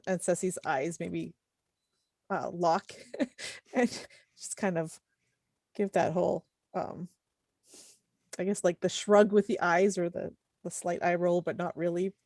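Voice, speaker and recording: A woman playing in a tabletop game, speaking quietly and hesitantly. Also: fairly low pitch, fairly even intonation, a little slow, dry recording, clean studio sound. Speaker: player.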